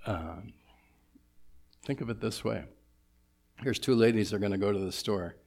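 A male pastor with a fairly low voice delivers a sermon in a church sanctuary. He talks to the congregation casually and breaks in with humorous asides. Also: measured pace, gravelly, a little mellow.

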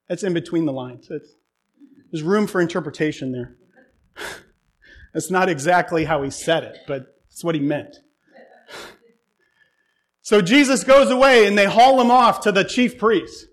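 A man's voice: high voice, lively intonation, normal speed. A man preaching a sermon, retelling a Bible story with humor and irony.

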